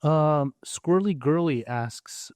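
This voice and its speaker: A man hosting an interview podcast, who reads out listener questions and answers briefly and calmly. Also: fairly high pitch, takes it slowly, no echo, clean studio sound. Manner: calm and brief, with short affirmations. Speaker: podcast host.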